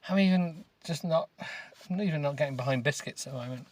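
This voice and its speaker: A British man hosting a comedy podcast, grumbling and rambling as he reads a book aloud with deadpan, self-mocking remarks. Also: fairly high pitch, fast talker. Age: adult with children. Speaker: podcast host.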